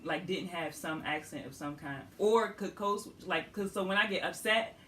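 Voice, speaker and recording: A woman's voice: lowish voice, normal speed, pushed and bright, reverberant, slight background noise, rough recording. A young woman from the Washington DC area, talking casually as a guest, chatty, laughing often and filling with "like". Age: young adult. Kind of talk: casual chat.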